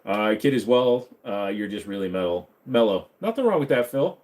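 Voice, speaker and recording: A man in his mid-thirties hosts a casual live-stream Q&A. He reads chat questions aloud and answers them offhand. His delivery swings between mumbled asides and loud bursts of hype. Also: fairly low pitch, animated, normal speed. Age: 30s.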